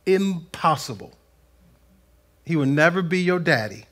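Animated folksy preacher, fairly high voice. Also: male voice, measured pace. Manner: animated, swings between loud emphasis and soft asides; folksy, plain-spoken. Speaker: pastor. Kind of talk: conversational sermon. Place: church sanctuary.

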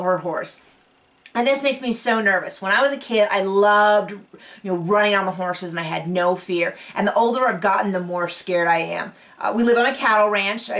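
A woman chats her way through a reality TV episode recap from her home on a cattle ranch, loose and rambling with plenty of asides. She has a medium-pitched, fairly bright voice, picked up by a distant mic.

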